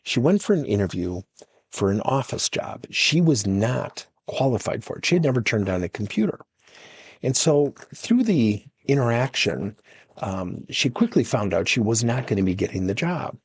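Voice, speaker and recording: Coach guy, rough husky voice, really animated storytelling. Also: mid-range voice, moderate pace, no room sound. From United States. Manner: animated, acts out dialogue in stories. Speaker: workplace coach and podcast host.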